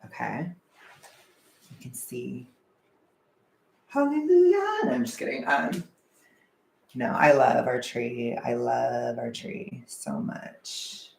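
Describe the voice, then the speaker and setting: A man's voice: medium pitch, takes it slowly, gravelly, pauses often. Young guy rambling on a livestream, kinda far off the mic, roomy echo. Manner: chatty, animated, swearing, laughs often. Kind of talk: casual livestream chat. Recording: echoey room, away from the mic.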